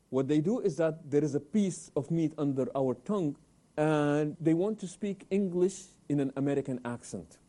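A man hosts a religious talk program, his voice fairly high in pitch yet very dark and mellow in tone. He talks animatedly, asks questions and answers them himself. Arabic religious phrases come up now and then. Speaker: host of Islamic talk program.

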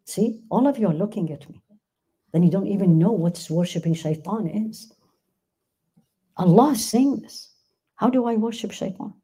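Woman, religious class teacher, very dark tone, husky, emphatic, quizzes the class. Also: mid-range voice, expressive, normal speed, long pauses. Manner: asks the class questions, emphatic, recites verses. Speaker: Quran teacher.

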